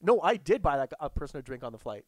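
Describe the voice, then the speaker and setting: A man's voice: on the high side, sing-song, quick pace, darkish tone, dry recording. A man chatting casually, rambling through a story full of restarts and quoted dialogue.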